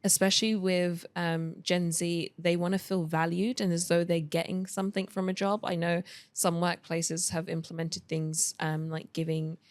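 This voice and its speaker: A young woman from the UK shares her views in a relaxed podcast chat. Her voice sits a little low and she speaks in a measured, thoughtful way, pausing on fillers. The sound is dry and close. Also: no echo. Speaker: family podcast guest. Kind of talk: casual discussion.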